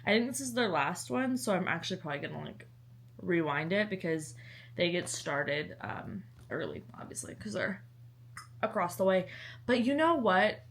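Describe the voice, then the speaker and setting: A woman's voice: on the low side, sing-song, normal speed. Bubbly chatty young Southern woman. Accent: Southern American. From American South. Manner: bubbly, chatty, dramatic swings into shouting and laughter. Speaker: book vlogger. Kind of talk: casual vlog chat.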